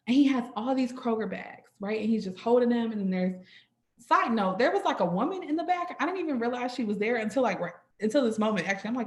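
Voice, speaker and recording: A young woman telling a personal story to an audience at a sorority orientation, expressive, often stopping to ask "right?" and calling the listeners "y'all.". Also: a little high, quick pace. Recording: echoey room.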